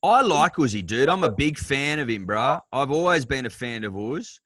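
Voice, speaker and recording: A man's voice: medium pitch, expressive, normal speed, a bit bright, breathy edge, no echo. A man with an Australian accent co-hosting a sports podcast, emphatic and profane in casual chat. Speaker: podcast co-host.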